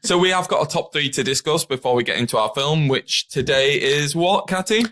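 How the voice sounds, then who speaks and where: A man's voice: on the high side, fairly quick. A man hosting a podcast in casual chat, laughing often and swearing freely. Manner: laughing, lively and profane. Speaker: podcast host.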